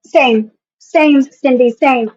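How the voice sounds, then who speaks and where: A woman's voice: sits high, slow pace, a little mellow, slightly rough, no room sound, highs cut off. A woman from West Virginia with a country accent, giving blunt, casual commentary on a stream and swearing freely.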